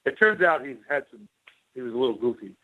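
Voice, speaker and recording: A man's voice: medium pitch, expressive, fast. A middle-aged man, a former White House officer, telling rambling anecdotes as an interview guest and acting out both sides of the dialogue. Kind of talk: casual storytelling interview. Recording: tinny phone line.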